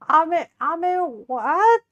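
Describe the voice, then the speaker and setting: A young woman putting on a silly, squeaky, high sing-song voice as a playful baker figure. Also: expressive, extremely slow, a bit bright, lo-fi sound, full character voice.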